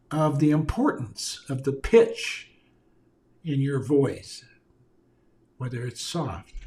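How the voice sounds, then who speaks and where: A man who works as a communication consultant gives an earnest direct-to-camera video talk, repeating key phrases for emphasis. His voice is a little high with a darkish tone, captured on a camera mic as he addresses viewers.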